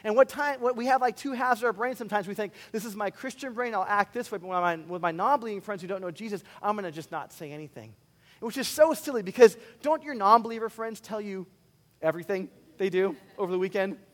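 A man preaching a sermon as a pastor, animated and swinging between loud emphatic bursts and quiet, earnest asides. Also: sits high, quick pace, big-room sound.

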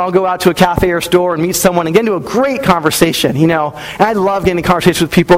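A man's voice: high-pitched, rough recording. A man in his thirties preaching a sermon as a pastor, speaking conversationally and acting out quotes as he tells stories. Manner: conversational, storytelling with acted-out quotes.

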